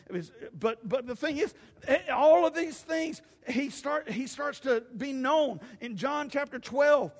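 A male pastor preaching an animated sermon, swinging from shouts to hushed asides. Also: very high voice, unhurried. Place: church sanctuary. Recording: long church reverb.

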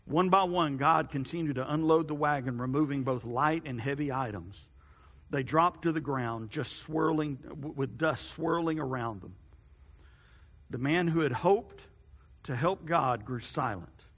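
A man preaching a sermon, telling a story in an animated, halting way in a large hall. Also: fairly high pitch, slightly rough. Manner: animated, halting narration with repeated restarts. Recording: long hall reverb.

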